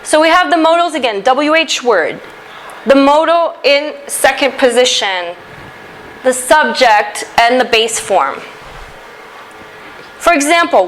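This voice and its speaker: A woman teaching an English grammar lesson, explaining step by step with a slow, deliberate delivery and occasional fillers. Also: high-pitched, expressive, fairly bright tone, slight background noise, poor audio.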